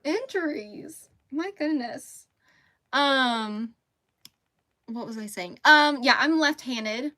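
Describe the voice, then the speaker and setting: A chatty woman, her voice bright and a little high. She talks in a loose, rambling way and laughs easily, like someone chatting on a relaxed livestream. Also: slow, pauses often. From Mississippi, US. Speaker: crochet livestream host. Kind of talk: casual livestream chat. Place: home closet.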